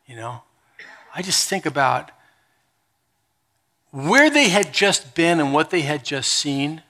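A middle-aged male pastor delivers a sermon with a bright, forceful tone and a voice pitched a little high. He preaches conversationally, in an animated, storytelling way with some humor.

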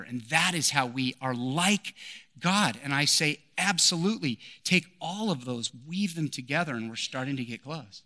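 A man's voice: on the high side, bright, forceful tone. A man in his forties preaching a sermon, emphatic and repeating his key phrases. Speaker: pastor.

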